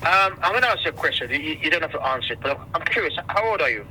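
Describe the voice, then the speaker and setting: A man's voice: on the high side, expressive, very fast, bright, forceful tone, slight background noise, low-quality recording. A male radio host who interviews a guest, often stumbling and repeating his words.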